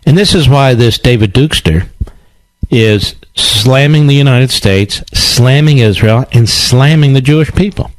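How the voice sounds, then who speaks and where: A man's voice: mid-range voice, a little slow, dry recording, rough recording. A male radio talk show host delivering a combative, sarcastic political monologue with emphatic repetition.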